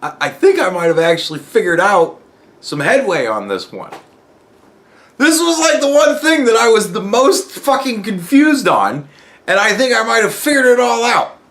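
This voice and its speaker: A man's voice: high voice, big pitch swings, normal speed, a bit bright. A man hosting a podcast who talks in a casual, profane monologue and acts out other people's replies. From United States. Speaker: podcast host.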